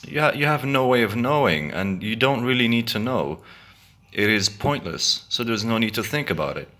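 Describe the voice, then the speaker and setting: A man's voice: mid-range voice, lively intonation, normal speed, fairly bright tone. A man talking earnestly to his viewers in a casual monologue, often restarting his words. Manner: earnest, repetitive, stumbling restarts. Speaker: video blogger.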